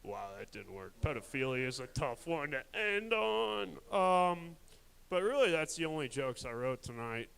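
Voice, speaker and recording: A man's voice: fairly high pitch, big pitch swings, moderate pace, vocal fry, a bit bright, smooth, rough recording. A young man doing a crude, rambling stand-up set at a live open mic, mocking himself along the way.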